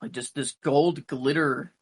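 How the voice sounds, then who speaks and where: A man's voice: on the high side, fairly even intonation, a little slow, slightly rough. A young man co-hosting a casual fan podcast, rambling and hesitant with lots of fillers. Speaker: podcast co-host.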